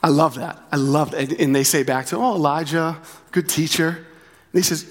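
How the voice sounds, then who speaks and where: A man's voice: fairly high pitch, steady tone, fairly quick, a bit bright. A man preaching a sermon as pastor, talking in a conversational way, repeating key phrases and often asking "right?". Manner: conversational, with frequent tag questions.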